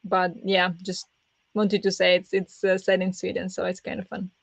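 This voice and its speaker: A woman whose first language isn't English hosts a live reading sprint stream, chatting casually with viewers and laughing often. Her voice is low, creaky and completely flat, at normal speed, in a dry recording.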